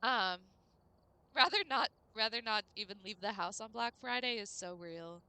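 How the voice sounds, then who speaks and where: A woman's voice: medium pitch, moderate pace, bright, forceful tone, clean tone, dry recording. A young woman streaming a game, chatting casually and rambling to her viewers with lots of "like" fillers.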